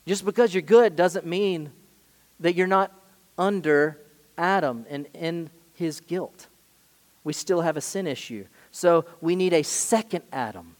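A man preaching a sermon as pastor, emphatic, swinging between loud stresses and quiet asides. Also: on the high side, in a large hall.

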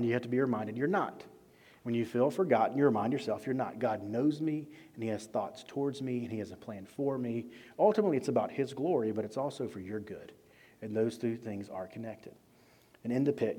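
A man's voice: mid-range voice, warm tone, slightly rough. A man preaching a sermon as a pastor, talking to the congregation in a conversational, direct way. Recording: long reverb of a large hall.

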